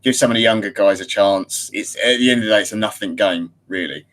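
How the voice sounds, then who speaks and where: A man co-hosting a podcast, speaking in a calm, measured, relaxed way. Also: lowish voice. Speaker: podcast co-host. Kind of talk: casual podcast chat.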